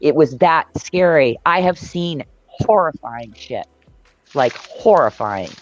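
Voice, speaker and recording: Woman, mid-pitched, emphatic storyteller with a swearing streak; dull, dry video-call audio. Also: animated, slow, no room sound, faint music behind. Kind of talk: casual spiritual chat on a video call. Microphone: video call mic.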